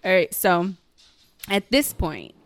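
Lively, profane young-sounding woman recapping. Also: fairly low pitch, slow pace, no echo. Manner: animated, profane, acts out characters' lines. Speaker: podcast co-host recapping a show. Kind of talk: casual chat.

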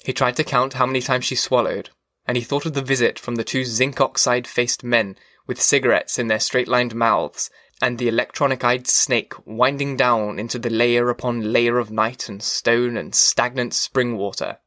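A man reading a novel aloud as an audiobook narrator, in a measured, even manner. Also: medium pitch, dry recording, studio quality. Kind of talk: scripted narration.

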